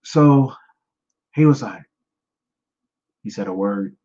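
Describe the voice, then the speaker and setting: A man in his thirties, a podcast host telling his own story in a personal testimony, emotional and halting, repeating himself and fighting back tears. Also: lowish voice, mellow, lo-fi sound. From United States. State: choked up, near tears. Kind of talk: personal testimony, live stream talk.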